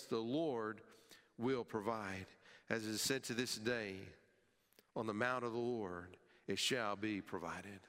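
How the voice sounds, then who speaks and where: Bright-voiced preacher in a reverberant hall. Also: male voice. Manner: emphatic, with wide swings in pitch and loudness, dropping low at phrase ends; repeats words when restarting. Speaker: pastor. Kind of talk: sermon.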